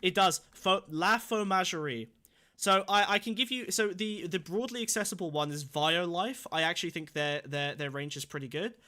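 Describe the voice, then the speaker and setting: A man's voice: high voice, brisk, few pauses, pushed and bright. A man with a sore throat, hosting a casual livestream with swearing, mock-angry rants. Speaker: streamer host.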